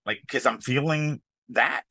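A man co-hosting a podcast, discussing a writing submission in a casual, animated way, often acting out quoted lines. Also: mid-range voice, unhurried, dry recording. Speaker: podcast co-host.

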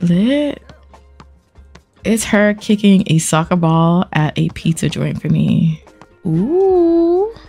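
Animated young woman doing game commentary. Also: fairly high pitch, husky. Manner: animated, slangy, talks to viewers. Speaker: let's play host.

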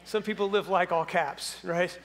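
Preaching at normal speed, a high-voiced male pastor talks casually to his congregation in a church sanctuary, asking them many questions and adding bits of humor, while the hall's long echo lingers after every phrase.

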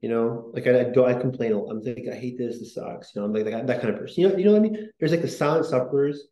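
A man hosts a podcast in loose, rambling talk, full of fillers and restarts. His voice is mellow and dark. The room around him is echoey. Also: mid-range voice, racing. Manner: rambling, self-interrupting, many fillers. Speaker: podcast host.

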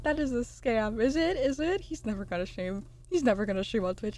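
A young woman streamer chatting casually with her viewers, reading out chat messages and swearing, excitable. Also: on the high side, fairly quick, hardly any pauses.

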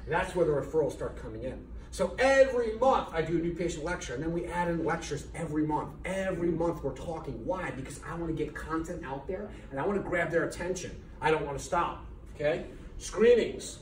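Man, middle-aged, preachy motivational lecturer; distant room recording with faint hiss. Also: fairly high pitch. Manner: emphatic and preachy, repeating key words and firing rhetorical questions. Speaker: chiropractor lecturing business students. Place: lecture hall at a college. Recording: echoey hall from far off, faint noise.

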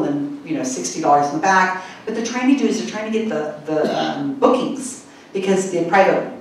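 Woman at a conference telling a story, does squeaky voices for people, lots of laughs, big echoey hall, mic far away. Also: a little hiss or hum. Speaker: conference speaker. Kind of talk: animated storytelling talk.

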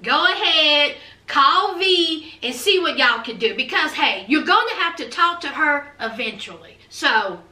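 A woman's voice: high-pitched, lively intonation, unhurried, hardly any pauses, pushed and bright, far from the mic, full character voice. A woman voicing a friend who scolds and gives blunt advice, in a lecturing manner. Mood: scolding. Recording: roomy, off-mic.

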